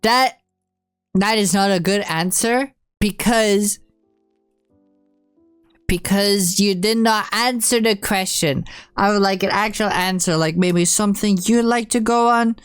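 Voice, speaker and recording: A woman's voice: mid-range voice, measured pace, long pauses, clean tone, dry recording, soft background music. A young woman streamer chatting casually on a live stream, blunt and teasing, swearing often.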